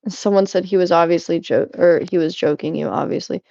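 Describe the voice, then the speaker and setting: A young woman rambles as she tidies, chatty and quick to cut herself off with a laugh. The sound is dry and a little muffled, like a home setup with a modest mic. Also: lowish voice, fairly even intonation, gravelly, mellow, no room sound. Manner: rambling, chatty, self-interrupting, laughs often. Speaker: vlogger. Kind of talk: casual chat while cleaning.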